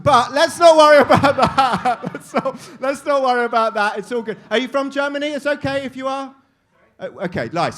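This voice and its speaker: A man hosting a live comedy show, teasing the audience with crude, quick-witted crowd work. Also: very high-pitched, fairly bright tone. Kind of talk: crowd-work stand-up banter.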